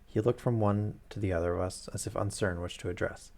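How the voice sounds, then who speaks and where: Gravelly man reading a story aloud. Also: fairly low pitch, fairly even intonation, brisk, hardly any pauses, darkish tone. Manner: stumbles and corrects himself, adds asides. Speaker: streamer reading a book aloud. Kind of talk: casual read-aloud narration.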